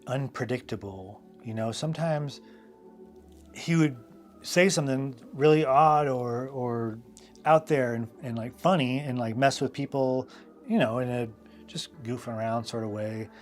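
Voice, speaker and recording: A man's voice: mid-range voice, unhurried, faint music behind. A man hosting a live drawing stream, telling casual stories in a loose, rambling way full of fillers and asides. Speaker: host and illustrator.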